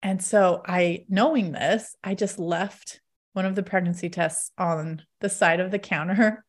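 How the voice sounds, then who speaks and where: A woman's voice: on the low side, steady tone, measured pace. A woman in her thirties vlogging, telling a personal story to her viewers in a candid, chatty way, laughing often and filling with "like".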